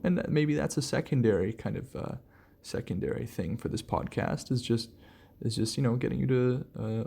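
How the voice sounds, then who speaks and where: A man hosting a relaxed solo podcast, rambling casually with lots of fillers and restarts. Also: fairly low pitch, creaky, slightly rough. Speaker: podcast host.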